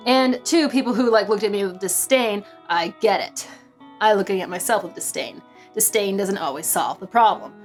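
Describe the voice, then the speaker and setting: A woman's voice: mid-range voice, moderate pace, faint music behind. A woman vlogging casually to her viewers, dramatic and self-mocking, repeating exclamations under her breath. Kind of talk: casual vlog talking to camera.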